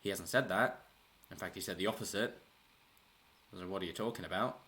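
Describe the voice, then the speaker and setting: Low-voiced man rambling commentary. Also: brisk, bright, forceful tone. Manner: rambling, frequent restarts, chuckles while talking. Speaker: political commentary channel host. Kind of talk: casual solo commentary.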